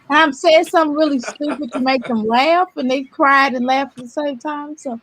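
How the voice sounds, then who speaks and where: A woman on a casual radio talk show, telling animated stories and acting out the quotes. She mentions the clients she counsels. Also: high voice, normal speed. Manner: animated storyteller who acts out quotes.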